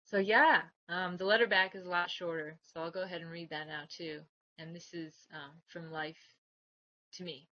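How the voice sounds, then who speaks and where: Woman, personal vlog, earnest, reflective, slightly low pitch, dull dry recording. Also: fairly even intonation, moderate pace. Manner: soft, earnest and reflective, trailing off quietly. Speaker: vlogger. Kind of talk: personal vlog, reading letters aloud.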